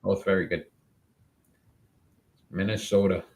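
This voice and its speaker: A man's voice: deep voice, steady tone, measured pace, gravelly, a little mellow. A man co-hosting a sports picks show in casual banter, announcing the matchups and joking along.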